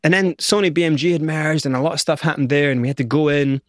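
A middle-aged man telling his own story in an interview, animated and acting out what others said. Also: a little high, fast, dry recording, clean studio sound. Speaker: guest.

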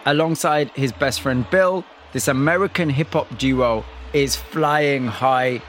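A man hosting a radio interview show, narrating a story in a measured way and asking questions. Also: mid-range voice, a bit bright, a little hiss or hum.

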